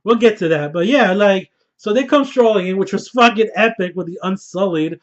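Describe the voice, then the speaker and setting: Hyped young guy reviewing a show, high voice, swears a lot, kinda muffled lo-fi audio. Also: normal speed. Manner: animated, profane, laughing, slangy. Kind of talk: excited casual review monologue.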